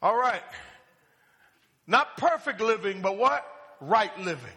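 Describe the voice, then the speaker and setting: A male pastor preaches in a church sanctuary and keeps calling on the congregation to answer him. His voice is bright and sharp. A long reverb trails behind his words in the hall. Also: high voice, lively intonation, slow pace. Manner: asks the congregation questions and calls for answers. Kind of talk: call-and-response sermon.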